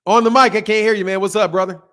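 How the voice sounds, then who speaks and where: A man's voice: high voice, steady tone, fast, a bit bright. A man hosting a live boxing call-in show, blunt and profane, teasing his callers and laughing often. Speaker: boxing talk show host. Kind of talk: casual live call-in chat.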